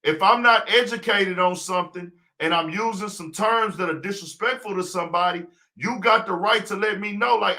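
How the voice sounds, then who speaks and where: High, bright-voiced man preaching on a livestream. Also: moderate pace, hardly any pauses. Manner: preachy, rhetorical questions. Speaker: podcast host. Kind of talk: casual livestream commentary.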